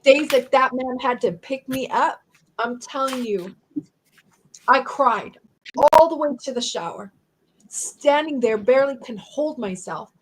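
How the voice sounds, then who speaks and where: A woman's voice: high voice, measured pace, husky, rough recording. A woman hosting a live-stream chat, talking in an earnest, emotional and empathetic way. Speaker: host.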